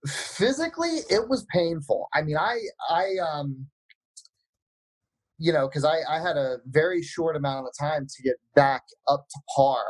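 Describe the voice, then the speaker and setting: A man, a musician being interviewed, answering in a reflective, measured way. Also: fairly high pitch, expressive, dry recording, low-quality recording. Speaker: musician guest.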